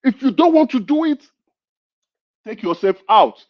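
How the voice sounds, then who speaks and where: Combative high-voiced man. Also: very animated, measured pace, highs cut off. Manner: combative, lecturing, talks over others. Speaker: caller in a political discussion. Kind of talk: heated debate.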